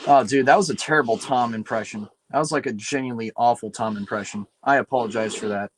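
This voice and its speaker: A tired man streams a late-night PC build, chatting casually while muttering and cursing to himself. He speaks quickly in a medium-pitched voice, rambling and self-deprecating, over a rough recording.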